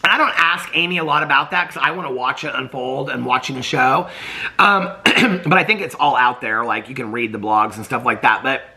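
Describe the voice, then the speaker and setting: A man's voice: medium pitch, brisk, vocal fry, sharp tone. A man with a Southern accent recapping a reality TV show in a gossipy, emphatic way, often asking "okay?". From Indianapolis, Indiana, US Midwest. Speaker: TV recap YouTuber. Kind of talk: casual chatty TV recap.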